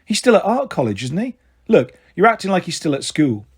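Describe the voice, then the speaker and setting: A woman's voice: on the low side, big pitch swings, brisk, darkish tone, husky, full character voice. A man voicing a young mother with a snappy, bossy manner. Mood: impatient. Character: cross, flighty young mum, sharp-tongued.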